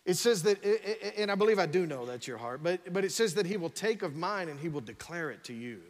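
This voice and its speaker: A pastor preaching, his voice notably high for a man, with a long echo from a large church sanctuary. He talks with energy, keeps urging the crowd on and stumbles over repeated words as he pushes ahead. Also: fairly quick. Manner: energetic preaching with frequent "come on" and repeated restarts. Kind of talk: sermon.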